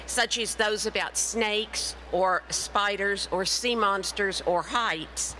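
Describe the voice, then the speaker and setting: A middle-aged woman giving a conference talk as an author, telling her story in a lively way and acting out the voices of people she quotes. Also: mid-range voice, slight background noise, low-quality recording. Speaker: author and speaker. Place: conference session room.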